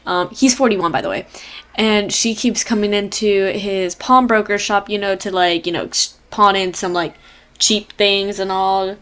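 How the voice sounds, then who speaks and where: A woman's voice: mid-range voice, steady tone, unhurried, a bit bright. A young woman giving a casual book report presentation. She rambles, leans heavily on fillers and breaks off for jokey asides. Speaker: student presenter.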